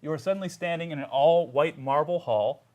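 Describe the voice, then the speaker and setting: A man narrating as game master of a tabletop role-play game, telling the scene with lively energy. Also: a little high, brisk. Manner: animated storytelling, laughs often.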